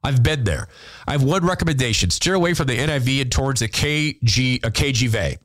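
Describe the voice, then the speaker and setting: A man hosting a podcast, reading listener letters aloud and answering them in an earnest, openly emotional way, sometimes halting and repeating words when moved. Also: mid-range voice, lively intonation, fairly bright tone, no echo. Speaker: podcast host.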